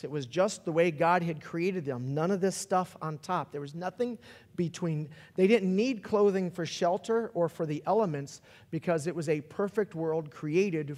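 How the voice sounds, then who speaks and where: A man preaching a sermon as a pastor, telling stories and shifting from slow, quiet stretches to loud, excited peaks. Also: fairly high pitch, long reverb tail. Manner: storytelling, varies pace, builds to shouts.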